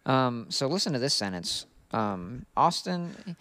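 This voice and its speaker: A man's voice: medium pitch, very animated, unhurried, fairly bright tone, dry recording, clean studio sound. A man co-hosting a podcast, chatting casually and reading fan fiction aloud while often laughing. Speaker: podcast co-host.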